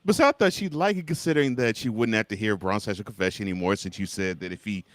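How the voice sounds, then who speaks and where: A man's voice: fast, a bit bright, no room sound. A man co-hosting a sports podcast, teasing and giggling. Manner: teasing, giggly, swoops high when laughing. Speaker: podcast co-host. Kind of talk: casual sports podcast banter.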